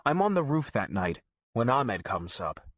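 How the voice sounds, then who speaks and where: Lively male audiobook narrator. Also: medium pitch, a little slow, dry recording, clean studio sound. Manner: lively, storytelling. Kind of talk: scripted narration.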